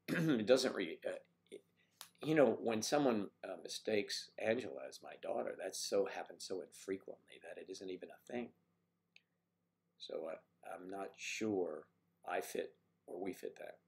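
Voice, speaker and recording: A low-pitched older man chats casually on a live stream and answers viewers one by one. He clears his throat a lot and restarts his sentences. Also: big pitch swings, a little mellow. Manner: chatty, halting, frequent throat-clearing.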